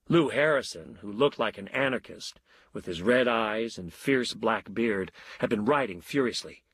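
An expressive male storyteller with a husky voice, reading an audiobook. His pitch moves around in a lively way, and the recording is dry and close. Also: moderate pace, dry recording. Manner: expressive, voicing many characters. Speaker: narrator. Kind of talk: audiobook narration.

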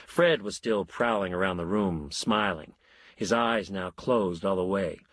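A man narrating a story in a wry, measured way. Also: sits low, dry recording.

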